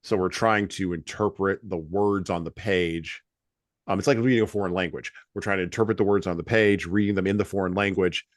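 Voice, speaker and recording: A man with a flat Midwestern American accent hosting a podcast, talking in a measured, deliberate way. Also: sits low, no echo, clean studio sound. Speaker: podcast host. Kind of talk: casual podcast conversation.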